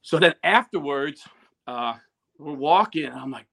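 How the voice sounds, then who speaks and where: A man's voice: fairly high pitch, unhurried, vocal fry, pauses often, fairly bright tone. A man tells stories in a casual interview and acts out the quoted dialogue. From New Jersey. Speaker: guest, YouTuber. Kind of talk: casual storytelling.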